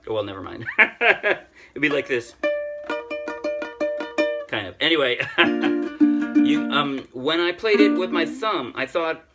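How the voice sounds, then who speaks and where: A man's voice: a little high, very animated, slow pace, pauses often, over loud music. Chatty older man teaching ukulele. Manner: chatty, self-deprecating, thinks aloud with restarts. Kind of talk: casual music tutorial. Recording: ukulele playing loudly throughout. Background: ukulele playing.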